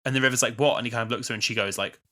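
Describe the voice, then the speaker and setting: A man's voice: mid-range voice, steady tone, racing, sharp tone. A man in his twenties co-hosting a podcast, chatting casually and quoting scenes with lots of fillers. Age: 20s. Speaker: podcast co-host. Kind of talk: casual chat.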